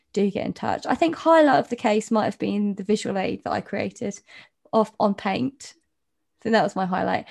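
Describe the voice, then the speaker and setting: A woman's voice: fairly high pitch, creaky, darkish tone. A woman co-hosting a podcast in casual chat, giggly and self-mocking, often repeating her words. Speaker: podcast co-host.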